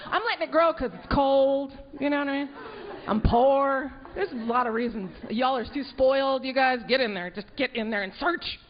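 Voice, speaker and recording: A woman's voice: sits high, normal speed. Woman stand-up comic, brash, crude, muffled live club audio. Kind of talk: stand-up comedy set. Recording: muffled club recording with crowd.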